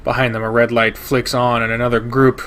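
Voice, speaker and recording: A man reading a visual novel aloud in first person, steady and measured. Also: medium pitch, slight background noise. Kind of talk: first-person narration of a game.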